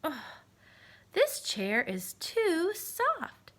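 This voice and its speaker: A woman voicing a curious, choosy little girl in a storybook, speaking her lines slowly and drawn-out. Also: high voice, huge pitch swings, a bit bright, exaggerated voice.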